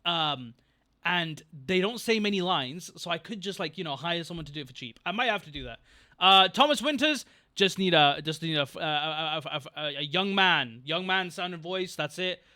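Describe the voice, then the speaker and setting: A man's voice: on the high side, lively intonation, moderate pace, sharp tone. A young man chatting casually on a livestream, rambling, getting distracted and thanking viewers from chat. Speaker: streamer.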